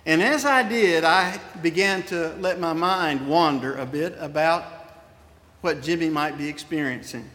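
Middle-aged pastor guy, high voice, folksy storytelling sermon, big echoey church. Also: a little slow, pushed and bright. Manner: storytelling, folksy, with asides to the congregation. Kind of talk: sermon with personal stories. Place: church sanctuary. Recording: long reverb of a large church.

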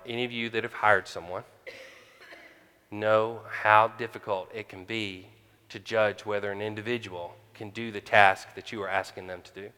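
A man preaching a conversational sermon as pastor, pausing often with fillers. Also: lowish voice, bright, forceful tone, clear, resonant tone. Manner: conversational with frequent pauses and fillers. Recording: hall reverb.

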